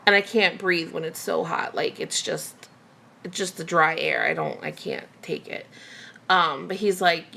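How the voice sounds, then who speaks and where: A woman's voice: fairly low pitch, expressive, normal speed, creaky, sharp tone. A woman vlogger in a candid personal rant to camera, venting emotionally with many fillers and restarts.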